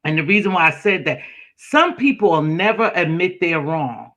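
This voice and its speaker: A man's voice: a little high, animated, moderate pace, bright, forceful tone. A man hosting a casual online panel chat over a video call, reflective and speaking straight to his viewers. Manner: reflective, addresses viewers directly. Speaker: host.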